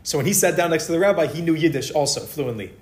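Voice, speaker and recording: Brief: male storyteller, a bit high-pitched, conversational, acts out dialogue, echoey room. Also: lively intonation, fast. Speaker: speaker giving a holiday talk. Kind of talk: storytelling talk to a live audience.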